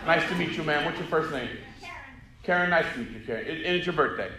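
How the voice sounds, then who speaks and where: High-voiced comedian teasing the crowd. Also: male voice, expressive, racing. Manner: teasing, chatty, talks to the audience. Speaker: stand-up comedian. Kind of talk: stand-up crowd work. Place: comedy club stage. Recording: echoey live venue with crowd.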